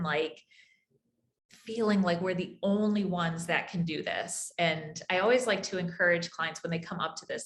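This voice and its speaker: A woman's voice: on the low side, fairly bright tone. Woman podcast host, enthusiastic, agreeable, echoey room. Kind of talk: podcast interview.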